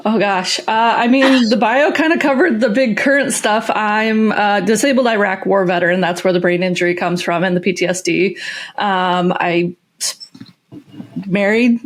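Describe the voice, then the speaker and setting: A woman's voice: mid-range voice, moderate pace. Brief: woman podcast guest, coach, plain and direct, with dry self-deprecating humor. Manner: frank, matter-of-fact, self-deprecating humor. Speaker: guest, coach and content creator. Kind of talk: casual interview chat.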